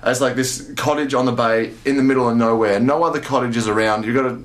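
Young Australian man, chatty and halting. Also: medium pitch, steady tone. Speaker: bass player and interview guest. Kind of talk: casual storytelling interview.

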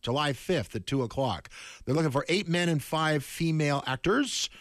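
A man's voice: on the high side, normal speed, a bit bright, no echo. A man hosting a campus radio show in a studio, talking casually and rambling with plenty of stalling and filler words. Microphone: studio microphone.

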